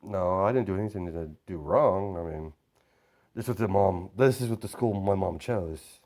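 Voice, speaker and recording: A meek teenage boy, the new kid at school, answering in a hesitant, defensive way, as a man reads him in his own deep voice. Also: normal speed, a little mellow.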